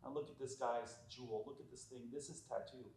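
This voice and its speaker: A man's voice: mid-range voice, brisk, husky. A man, a tattoo artist talking bluntly and swearing as he tells stories on a casual podcast. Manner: blunt, swears often, animated storytelling.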